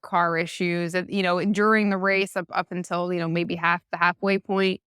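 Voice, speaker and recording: A woman co-hosting a podcast in a relaxed, casual chat, with a clean and smooth voice. She talks at an unhurried pace and leans on fillers as she works through each point. The sound is dry and close. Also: fairly low pitch, no room sound. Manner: chatty, drawn-out, many fillers. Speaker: podcast co-host.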